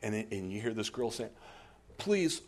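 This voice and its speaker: A man preaching a sermon as a pastor, telling stories in an animated way and laughing often. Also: fairly low pitch, quick pace.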